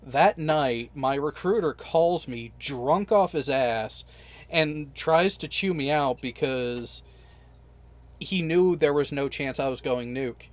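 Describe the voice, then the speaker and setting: A man hosting a casual panel of veterans, telling stories in a lively, swearing manner. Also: fairly high pitch, slow. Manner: animated storyteller, swears freely. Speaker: podcast host and veteran.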